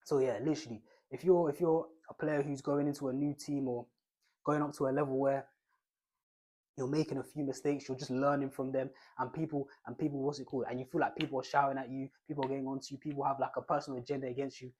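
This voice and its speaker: A man's voice: mid-range voice, level tone, quick pace, darkish tone. A young man giving casual football advice, rambling in slang and restarting his phrases often.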